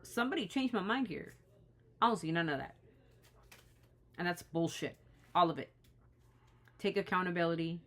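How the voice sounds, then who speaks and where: A woman's voice: fairly low pitch, expressive, normal speed, pauses often, fairly bright tone. A woman talking straight to the camera in an impassioned vlog, indignant and pleading, often restarting her sentences. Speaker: vlogger.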